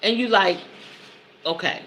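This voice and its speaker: This is a woman in her forties with a bright, forceful voice. She hosts a podcast, reading self-help passages aloud and then preaching on them. She is emphatic and colloquial, with faint noise behind her. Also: medium pitch, unhurried. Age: 40s. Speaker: podcast host and spiritual advisor.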